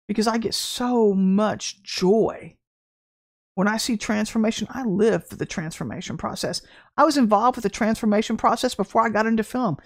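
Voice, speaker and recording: Emphatic woman preaching to camera. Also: a little high. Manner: emphatic, blunt, laughs between points. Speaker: Christian ministry speaker. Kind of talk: impassioned spiritual talk to camera.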